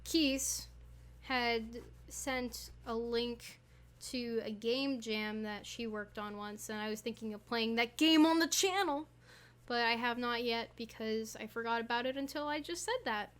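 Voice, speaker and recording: A woman's voice: on the high side, unhurried, a bit bright. A young woman chatting casually while showing a tutorial, playful and rambling with little asides. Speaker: YouTuber.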